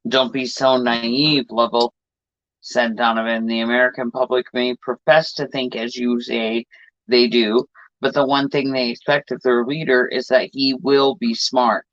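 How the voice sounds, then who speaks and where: A man hosting a podcast, reading a book aloud in a deliberate way and slowing down on hard words. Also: mid-range voice, flat delivery, a bit bright, no room sound. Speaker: podcast host. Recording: dull lo-fi dry recording.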